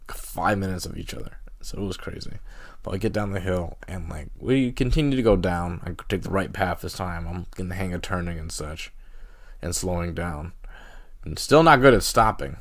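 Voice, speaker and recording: A man's voice: sits low, moderate pace, no room sound, studio quality. A young man hosting a solo podcast, telling a story casually with lots of fillers and laughing at himself. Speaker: podcast host.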